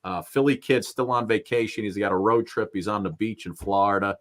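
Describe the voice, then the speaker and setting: A man's voice: lowish voice, a little fast. A man co-hosting a talk show, chatting loosely with fillers as he signs off and banters with a guest. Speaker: co-host. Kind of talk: casual chat.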